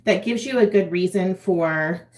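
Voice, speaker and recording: A vlogger in her forties chats casually with her live chat during her makeup routine at home, laughing often. She speaks a little slowly in a lowish, slightly mellow voice, recorded in an echoey room with a little hiss or hum.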